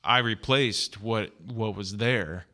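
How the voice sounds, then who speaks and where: A man's voice: fairly low pitch, slow, pushed and bright. A man co-hosting a guitar podcast, telling a repair story in casual, explanatory chat. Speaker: podcast co-host.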